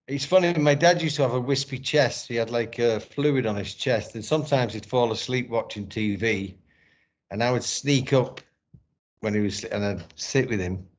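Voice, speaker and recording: A middle-aged man telling a personal story in a casual interview, candid and emotional, swearing often. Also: mid-range voice. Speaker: podcast guest, former boxer and actor. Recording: dull lo-fi sound.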